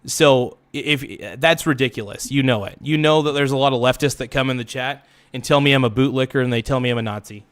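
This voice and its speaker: A man's voice: medium pitch, a bit bright. A livestream host talking straight to someone in a heated, repetitive rant. He swears, stumbles into restarts and keeps correcting himself. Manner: halting restarts and self-corrections. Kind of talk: livestream monologue.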